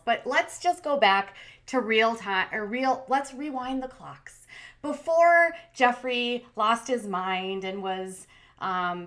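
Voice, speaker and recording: Chatty, sarcastic woman with a high voice. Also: pushed and bright. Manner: chatty and sarcastic, many fillers. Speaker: commentary channel host. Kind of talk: casual recap commentary.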